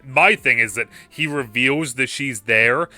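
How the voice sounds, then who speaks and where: A man's voice: medium pitch, measured pace, sharp tone, no echo. A man co-hosting a casual podcast, chatting in a laid-back way about a film. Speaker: podcast co-host. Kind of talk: casual movie review chat.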